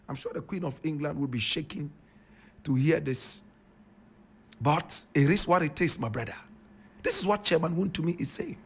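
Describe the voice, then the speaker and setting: A man's voice: sits high, gravelly, fairly bright tone, breathy edge. A man giving online commentary in a mocking, exasperated, emphatic manner.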